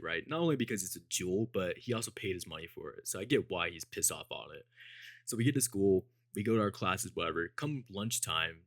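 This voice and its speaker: A man's voice: low voice, a bit bright, no room sound, studio quality. A young adult man, a vlogger telling a casual, profane story with a laid-back manner and frequent laughter.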